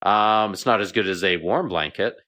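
A man's voice: on the low side, normal speed, sharp tone. A man speaking as a veterinarian guest on a radio show, explaining plainly and often repeating words as he thinks.

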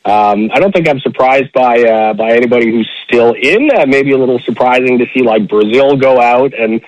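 A man's voice: mid-range voice, fairly even intonation, normal speed, dry recording, low-quality recording. A man chatting casually on a radio show as a guest play-by-play announcer, easygoing, with many fillers and laughs.

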